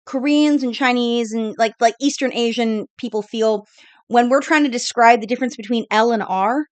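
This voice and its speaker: A woman running a tabletop game as game master, chatty and lively. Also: on the high side, normal speed, no room sound.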